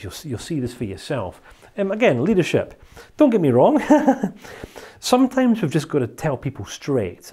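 Scottish man, course teacher, animated pitch, jokey chatty delivery. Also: slightly rough. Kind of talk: recorded course lecture.

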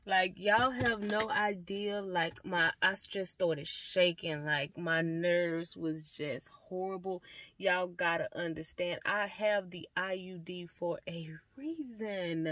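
Young woman, casual storytime vlog, unhurried delivery, dead dry room. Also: fairly low pitch, no room sound. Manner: animated, swears freely, addresses viewers as y'all. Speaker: vlogger.

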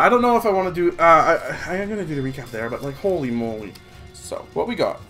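Brief: excitable home YouTuber, mid-pitched, chatty pack-opening commentary over soft music. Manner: excitable, rambling, talks straight to viewers. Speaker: YouTube host opening trading card packs. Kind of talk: casual card-opening commentary. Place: home room, seen on face cam. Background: faint background music.

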